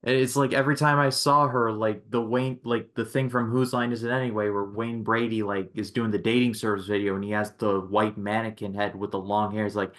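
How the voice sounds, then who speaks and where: A man's voice: on the low side, little pitch movement, brisk, few pauses, a bit bright. A man guesting on a casual movie podcast, easygoing and wry, with lots of "like" fillers.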